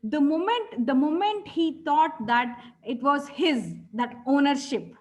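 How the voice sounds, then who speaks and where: A woman's voice: high-pitched, animated, slow pace, a little mellow, low-quality recording. A woman, teaching yoga philosophy in an earnest, storytelling way and often stopping to correct herself. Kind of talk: spiritual teaching talk.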